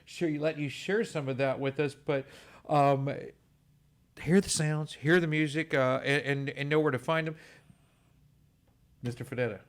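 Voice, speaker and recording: A man's voice: fairly high pitch, normal speed, long pauses. A man hosting a radio show in casual chat, rambling with many restarts and fillers, in a radio studio.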